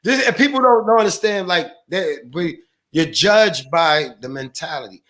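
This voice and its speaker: A man's voice: sits high, animated, normal speed, fairly bright tone. A man guest on a podcast, a stock trader, talking in a slangy, profane, rambling way. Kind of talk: casual podcast chat.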